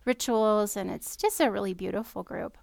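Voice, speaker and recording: A woman's voice: medium pitch, normal speed, vocal fry, darkish tone, no room sound. A woman co-hosting a podcast, chatting in a friendly, enthusiastic way and laughing easily. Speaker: podcast co-host, witch. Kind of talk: casual podcast chat.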